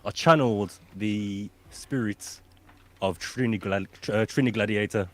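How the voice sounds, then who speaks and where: A man's voice: fairly low pitch, a little slow, fairly bright tone. A man co-hosting a podcast, telling a story in casual slang and acting out the people in it. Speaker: podcast co-host.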